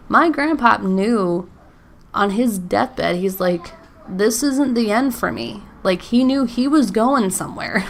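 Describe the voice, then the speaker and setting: Here a thirty-something woman runs a faith podcast alone, her fairly high voice carrying vocal fry and a faint hiss or hum behind it. She talks casually, peppering her speech with "like" and "um" and laughing softly between thoughts, and she gets emotional enough to be nearly in tears.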